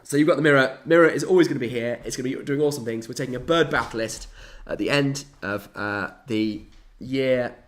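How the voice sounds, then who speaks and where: A young man chatting casually on a live stream, animated and playfully dramatic. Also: mid-range voice, brisk. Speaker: hobby streamer.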